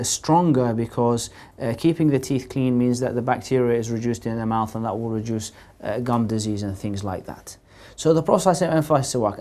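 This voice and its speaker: A man gives a televised religious lesson in a fairly high voice. He speaks earnestly and keeps rephrasing each point, with plenty of "uh" fillers as he works through the explanation. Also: a little mellow. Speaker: Islamic teacher presenting a TV series.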